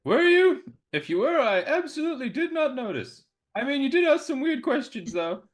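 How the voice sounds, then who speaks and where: A man playing in a tabletop game, joking in a wry, deadpan way in character. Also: very high-pitched, moderate pace. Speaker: player. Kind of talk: casual in-character banter.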